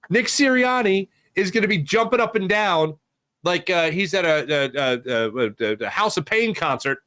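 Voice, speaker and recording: A man's voice: sits high, animated, normal speed, sharp tone, dry recording. A man hosting a sports talk stream, rambling and joking as he reads out chat comments. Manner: rambling, jokey, reacts to chat names. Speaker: sports talk show host. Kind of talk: casual live-stream chat reading comments.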